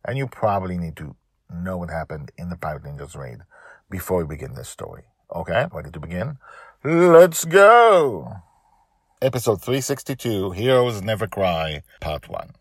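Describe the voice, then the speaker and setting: A man narrating a serialized children's story and chatting as host. His voice sits low with a husky texture, yet he swings it all over the place as he tells the tale. The recording is dry and close. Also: a little fast, no room sound. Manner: animated, expressive storytelling.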